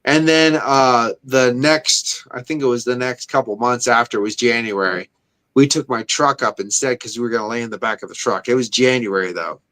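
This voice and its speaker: A man's voice: mid-range voice, moderate pace, a bit bright. A man co-hosting a podcast, telling rambling, profane stories in casual chat. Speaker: podcast co-host.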